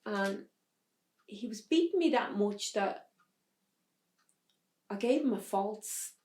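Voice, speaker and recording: A woman telling a hard personal story as an interview guest, in a halting way with restarts. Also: medium pitch, expressive, a little mellow, roomy sound. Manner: halting, restarts under strain. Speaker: podcast guest.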